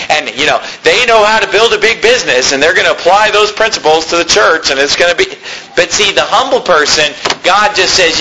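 A man's voice: sits high, pushed and bright, a little hiss or hum, low-quality recording. A man preaching a sermon in a church, talking in a conversational way with folksy asides. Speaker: pastor.

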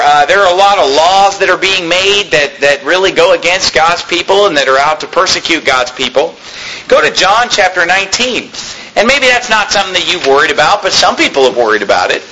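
A man preaching a sermon, reading old scripture slowly and then explaining it in plain, casual talk. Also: sits high, expressive, bright, forceful tone, low-quality recording.

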